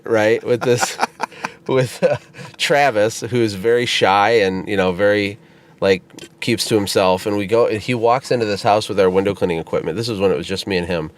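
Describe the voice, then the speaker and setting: A man co-hosting a casual podcast chat, telling stories in an animated way and laughing as he goes. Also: lowish voice, normal speed, slight background noise. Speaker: podcast co-host and business founder.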